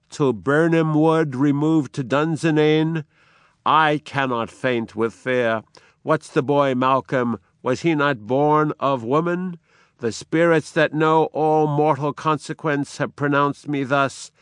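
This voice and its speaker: A man voicing a defiant, doomed tyrant king, reciting his lines slowly in a raised declamatory voice. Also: medium pitch, a bit bright, clear, resonant tone, no echo.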